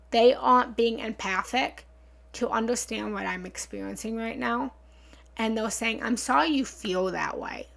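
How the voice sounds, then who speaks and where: A woman with a fairly high, bright voice and a touch of gravel hosts a live meditation talk from her home setup. She chats earnestly with her viewers, repeats her points and thanks them often, and she speaks into a studio mic. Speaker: meditation teacher hosting a live session. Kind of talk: casual live-stream talk, reading and answering comments. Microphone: studio mic through a small soundboard.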